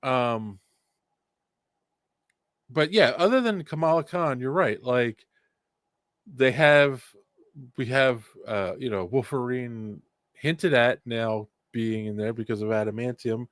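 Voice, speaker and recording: A man co-hosting a podcast in casual chat, teasing his partner in lively banter. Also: mid-range voice, slow, pauses often, no room sound, clean studio sound. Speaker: podcast co-host.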